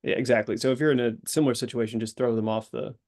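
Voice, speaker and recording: A man's voice: mid-range voice, fairly even intonation, rapid-fire, a little mellow. A man casually moderating a quiz round with brief, easygoing prompts. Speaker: quiz host.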